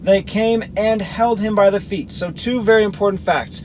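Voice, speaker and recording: A man's voice: sits high, steady tone, moderate pace, slight background noise, rough recording. A man reading Bible verses aloud and explaining them, comparing the gospel accounts as a teacher. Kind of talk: scripture reading with commentary.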